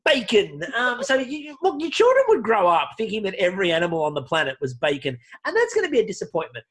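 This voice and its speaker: A man's voice: sits high, wildly swooping pitch, fast, fairly bright tone. A man hosts a podcast and jokes along, then steers the talk back on track. His voice swings up and down a lot as he plays around. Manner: playful, joking, steering the talk. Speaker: podcast host. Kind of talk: casual chat.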